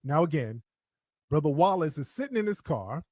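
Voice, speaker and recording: Husky, animated male online commentator. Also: on the high side, moderate pace, dry recording. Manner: animated, repetitive, talks to viewers directly. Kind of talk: casual commentary.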